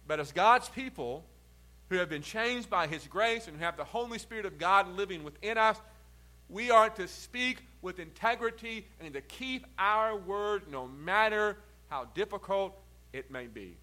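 Male pastor, earnest expository sermon delivery, high and bright. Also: lively intonation, measured pace. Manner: earnest, emphatic preaching with falling phrase ends.

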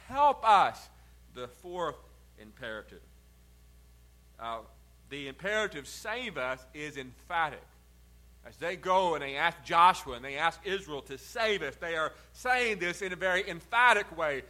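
Male pastor, earnest expository sermon delivery, high and bright. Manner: earnest, emphatic preaching with falling phrase ends.

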